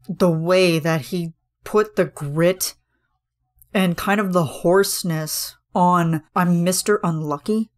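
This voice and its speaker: A woman hosting a podcast, chatting casually and gushing enthusiastically about a music video, with many fillers. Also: lowish voice. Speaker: podcast host.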